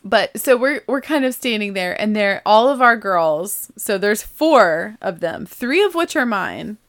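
Brief: woman, thirties, mother type, casual chatty storyteller, mid-range voice, lively and amused delivery. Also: medium pitch, unhurried. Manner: animated, chatty, laughs while telling.

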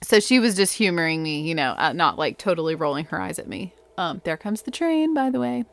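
A woman with a fairly low, creaky voice talks briskly, with no room sound. She tells a personal story in a chatty, animated way, sprinkling in "like" and "you know," and laughs at her own expense.

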